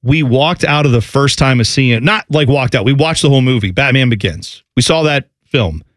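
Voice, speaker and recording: A man chatting casually on a podcast, telling rambling, animated stories. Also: medium pitch, brisk, dry recording, studio quality. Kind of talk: casual chat.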